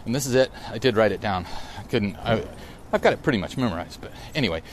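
Fast and with few pauses, this forties podcast host uses a fairly low, lively voice as he rides through a park recording his casual solo show. Some background noise creeps in while he reflects aloud in a rambling manner, repeatedly correcting himself.

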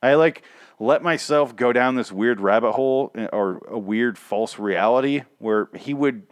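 A man recaps a show on his own podcast in a rambling, profane, joking way, his voice strained and shaky as it recovers from singing days earlier. He speaks a little slowly in a mid-range voice, with no echo.

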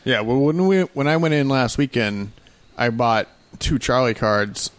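A man's voice: medium pitch, a little slow, dry recording. Laid-back man telling stories, dry sound. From Boston area. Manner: storytelling, opinionated, laid-back. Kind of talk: casual chat.

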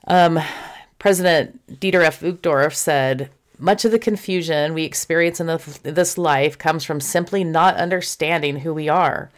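Low-voiced woman, heartfelt. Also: unhurried. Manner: warm, heartfelt and admiring. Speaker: podcast guest. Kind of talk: gospel discussion podcast.

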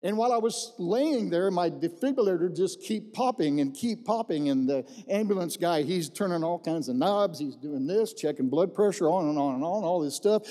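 A man's voice: high voice, mellow. A middle-aged man, a pastor, giving his personal testimony as a folksy storyteller who repeats phrases for emphasis. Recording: long reverb in a large hall.

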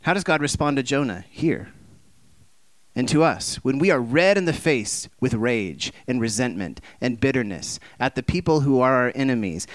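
A man's voice: lively intonation, moderate pace, no room sound. A man preaching a sermon, impassioned and conversational, firing off rhetorical questions and acting out the voices he quotes. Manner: acts out quoted voices with big swings in pitch and volume.

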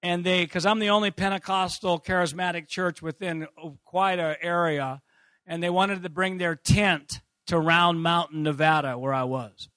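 At a moderate pace, a preacher with a bright, high voice recounts something personal from the pulpit, lingering on his words before breaking into laughter and shouts. His delivery is animated, and the sound is close and dry with no echo.

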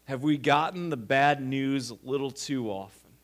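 A man preaching a sermon, swinging between quiet, intimate lines and loud, emphatic ones. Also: medium pitch, normal speed. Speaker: pastor.

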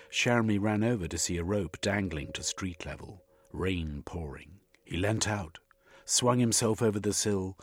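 A man narrating an audiobook with measured, expressive storytelling. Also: low-pitched, husky, dry recording, studio quality. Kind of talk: audiobook reading.

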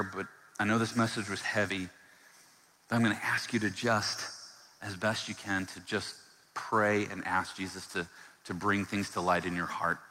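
Earnest low-voiced man preaching in a hall. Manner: earnest, swings from hushed to loud and emphatic. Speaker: pastor. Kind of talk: sermon. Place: church hall.

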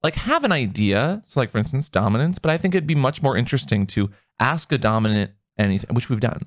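Lively, playful male podcast host. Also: mid-range voice, fast, no echo, studio quality. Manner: playful, teasing, animated. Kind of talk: casual chat.

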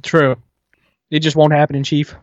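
Casual co-host, quick interjections, dry sound. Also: medium pitch, monotone, no room sound, muffled recording. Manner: chatty, interjecting, swears casually. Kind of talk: casual chat.

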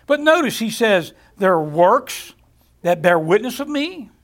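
A man's voice: sits high, big pitch swings, a bit bright. A man teaching a Bible lesson, reading verses aloud and often restarting his phrases. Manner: halting, repeats words, reads scripture aloud. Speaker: preacher. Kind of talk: Bible study sermon.

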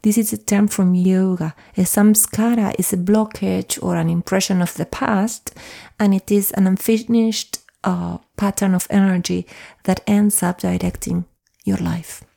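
Middle-aged woman podcast host, slow and soothing, dark gravelly tone, slips into whispers. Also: mid-range voice, steady tone. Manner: soft and soothing, drops into whispers at times. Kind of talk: slow, gentle self-help podcast talk.

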